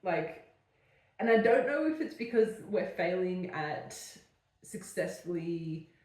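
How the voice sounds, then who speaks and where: A woman with a lowish voice chats casually as a podcast co-host. Her voice sounds far from the mic, in a very echoey room. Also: expressive, slow pace, darkish tone. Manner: chatty, laughing commentary. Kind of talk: casual chat.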